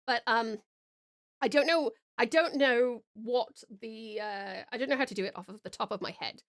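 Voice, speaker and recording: A woman's voice: on the high side, normal speed, fairly bright tone, dry recording, studio quality. A woman from Australia, a streamer and voice actor, chatting casually on a livestream, full of ums and calling viewers darling.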